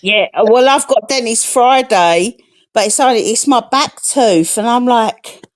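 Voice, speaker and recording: A woman's voice: fairly high pitch, unhurried. A middle-aged woman from England in casual chat on a live stream, frank and chatty, swearing freely.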